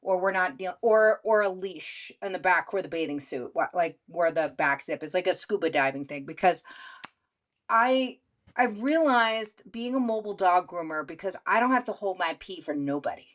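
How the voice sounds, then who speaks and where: Frank, animated woman co-host. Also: on the low side, normal speed. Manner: animated, frank, swears casually. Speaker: podcast co-host. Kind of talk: casual chat.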